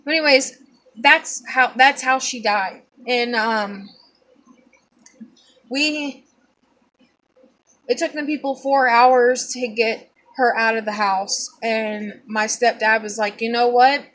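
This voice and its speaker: Tearful young woman, halting and bright. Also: fairly high pitch, fairly even intonation. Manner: halting, repeats herself, addresses viewers as people. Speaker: vlogger. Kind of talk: emotional personal storytelling.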